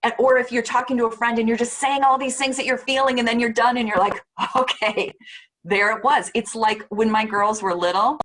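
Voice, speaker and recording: A woman's voice: a little high, fairly even intonation, brisk. Chatty middle-aged woman presenting. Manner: chatty, warm-hearted, lots of fillers and voiced quotes. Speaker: parenting speaker presenting a talk. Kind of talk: casual presentation.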